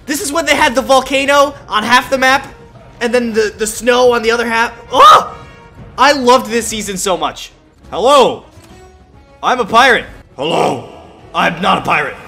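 A gaming YouTuber giving excited reaction commentary, chatty and reminiscing, bursting into shouts and exclamations. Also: mid-range voice.

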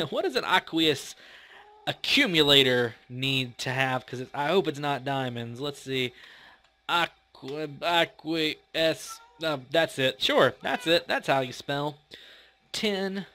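Man, gaming commentary, playful, chatty, laughs a lot, bright forceful voice, slow pace. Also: a little high, animated. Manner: playful, chatty, laughs often, talks to the game's creatures. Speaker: gaming channel host. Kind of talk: casual gameplay commentary.

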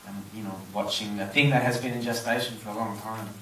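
A man with a low voice answers audience questions at a cinema Q&A, pausing to hunt for the right words. He is heard from a distance, with the echo of a big auditorium around him. A faint hiss runs under his speech. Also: steady tone, a bit bright. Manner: thoughtful, searching for words. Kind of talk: live Q&A answers. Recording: roomy hall, distant mic.

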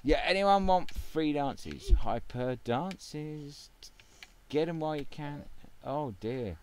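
A man's voice: on the high side, expressive, takes it slowly, darkish tone, a little hiss or hum. A man hosting a casual gaming video at home, rambling and wry with plenty of fillers. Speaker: gaming channel host.

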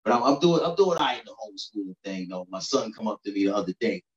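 A man's voice: on the low side, expressive, fast talker, recorded from a distance. A stand-up comedian from New York City in his thirties, talking to the crowd in a loose, chatty way and often asking "you know what I'm saying.". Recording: roomy echo, dull lo-fi sound.

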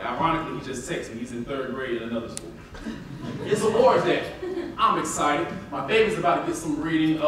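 A man with a Southern US accent, an elementary school teacher, telling a story in a lively speech and acting out the lines he quotes. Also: noisy background. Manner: animated, acts out quotes with big pitch jumps. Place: large hall. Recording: echoey hall recording from far off.

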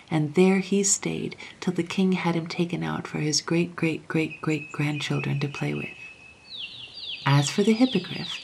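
Low, gravelly woman reading a storybook. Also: slight background noise. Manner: soft, often half-whispered. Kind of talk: reading a classic children's story aloud.

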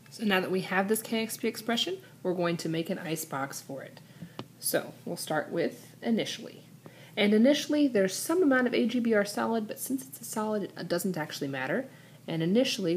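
A woman teacher explaining a chemistry problem step by step, slowing down to spell out equations and numbers. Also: on the low side, a little hiss or hum. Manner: steady step-by-step explaining, slows down to read out equations. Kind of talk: recorded classroom lesson.

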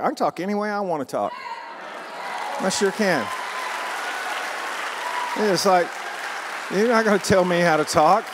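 A man's voice: high-pitched, very animated, normal speed, pauses often, in a large hall, crowd noise, background noise. A man preaching a sermon as pastor, in a folksy, emphatic way full of rhetorical questions.

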